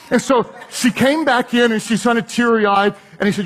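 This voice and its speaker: A man preaching and telling a personal story, animated, acting out the voices of the people in it. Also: high-pitched, fast, hardly any pauses, breathy edge. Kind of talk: sermon storytelling.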